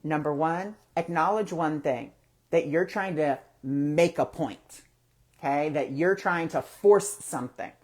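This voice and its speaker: A man hosting a relaxed spiritual talk show, speaking in an easygoing, conversational way. He poses rhetorical questions to his listeners and acts out his own thoughts as he goes. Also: fairly high pitch, a little slow. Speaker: host of a spiritual discussion.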